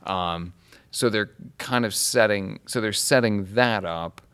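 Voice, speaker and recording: A man's voice: lowish voice, slow pace, a bit bright, smooth. A man chatting casually, co-hosting a talk about a film, thinking aloud with restarts. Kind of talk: casual chat.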